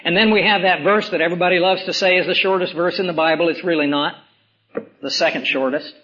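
A man preaching a sermon as pastor, hoarse from swollen tonsils, with emphatic rises and slow, dramatic drops. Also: high-pitched, steady tone, fairly bright tone. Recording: dull lo-fi recording.

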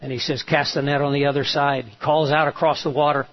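A man's voice: fairly high pitch, flat delivery, fast talker. A male pastor preaching a sermon, retelling a story and voicing the quoted lines with emphasis. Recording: dull lo-fi sound.

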